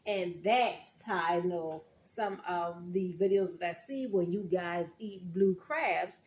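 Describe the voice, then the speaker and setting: A woman's voice: fairly low pitch, slow, hardly any pauses, darkish tone, slight background noise. A woman from South Carolina, chatting straight to her viewers in a casual cooking vlog. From Charleston, South Carolina. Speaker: cooking vlogger. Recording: echoey room with faint ambience.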